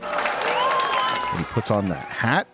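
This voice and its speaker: A man's voice: very high-pitched, very slow, over loud music, over a noisy crowd. Man animatedly retelling a film scene. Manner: animated retelling, acts out lines, laughs often. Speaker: podcast co-host. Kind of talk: casual film discussion.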